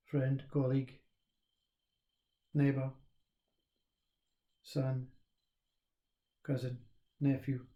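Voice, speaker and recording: Slow, mellow-voiced man teaching self-inquiry. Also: medium pitch, reverberant, highs cut off. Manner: slow, repetitive, reflective. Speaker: spiritual teacher. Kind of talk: spiritual talk on self-inquiry.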